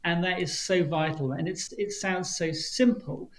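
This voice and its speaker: Brisk, higher-voiced male guest author. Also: a little hiss or hum, poor audio. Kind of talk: livestream interview.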